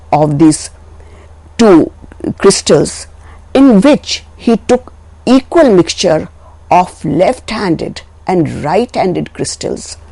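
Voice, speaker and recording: A woman giving a recorded chemistry lecture, explaining step by step in a deliberate way and correcting herself as she goes. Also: lowish voice, dark tone, no room sound.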